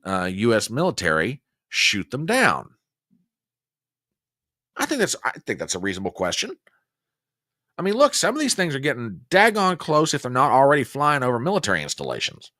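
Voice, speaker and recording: A man's voice: medium pitch, fairly bright tone, dry recording, studio quality. A man hosting a casual news commentary livestream, folksy and chatty as he talks straight to his viewers. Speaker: host.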